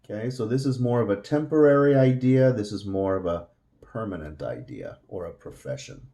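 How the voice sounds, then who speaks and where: A man's voice: fairly low pitch, expressive, normal speed, dark tone, reverberant. A man teaching a beginner language lesson, explaining patiently and repeating each word several times. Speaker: Spanish teacher. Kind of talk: slow classroom explanation.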